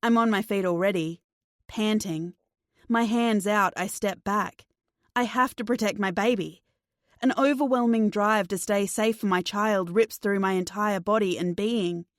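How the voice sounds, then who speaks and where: Slow, tense woman audiobook narrator. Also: mid-range voice, no echo, studio quality. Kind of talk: first-person thriller narration.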